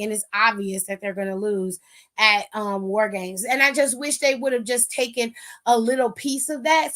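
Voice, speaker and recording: A high-pitched woman, hosting in a loose, opinionated chat. She talks bluntly and with sass, swearing freely. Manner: blunt, sassy, profane, animated. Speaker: wrestling aftershow host. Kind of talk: casual opinionated recap.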